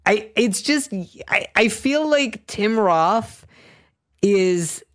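A podcaster in casual film talk, halting with fillers, then warming up with enthusiasm. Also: mid-range voice, expressive. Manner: hesitant, filler-heavy, enthusiastic.

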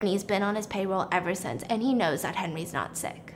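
A young woman casually retelling a story while cooking, chatty and animated, with lots of filler words. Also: mid-range voice, brisk, loud music behind the voice. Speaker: storytelling vlogger.

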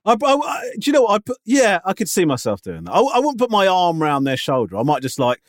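Male co-host, expressive mid voice, dry sound, skeptical and teasing. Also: sits high, fast talker, no echo. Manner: teasing, skeptical, stammers at sentence starts. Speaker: podcast co-host. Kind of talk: casual chat.

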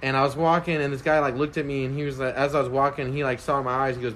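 A man's voice: medium pitch, fairly even intonation, racing, a bit bright, slight background noise. A young man on a casual podcast, telling a long story in a loose, rambling way, full of "like" and laughs.

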